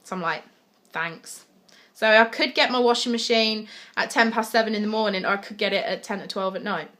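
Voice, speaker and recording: A young woman talking straight to camera in a casual vlog, blunt and quick to swear, retelling her day in bursts. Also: medium pitch, steady tone, fairly bright tone. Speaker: vlogger.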